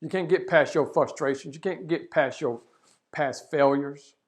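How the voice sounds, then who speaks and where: A man's voice: a little high, normal speed. Man telling a motivational parable. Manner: storytelling, acts out voices, frequent "right?". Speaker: leadership speaker. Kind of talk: motivational webinar talk with parable.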